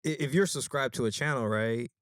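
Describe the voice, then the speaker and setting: A man co-hosting a podcast in casual chat, animated and teasing, laughing easily. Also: mid-range voice, brisk, dry recording, studio quality. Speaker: podcast co-host.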